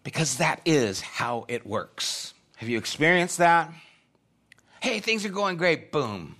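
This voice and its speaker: A man's voice: mid-range voice, big pitch swings, takes it slowly, fairly bright tone. Earnest middle-aged male pastor preaching. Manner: earnest, conversational preaching with repeated phrases. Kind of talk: sermon.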